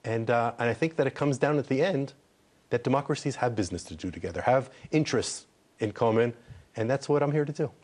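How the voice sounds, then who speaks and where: A man from Israel speaks as an ambassador in a television interview, with a voice of middling pitch. He answers earnestly and repeats words as he presses his case. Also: fast talker, a little mellow. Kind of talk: TV news interview.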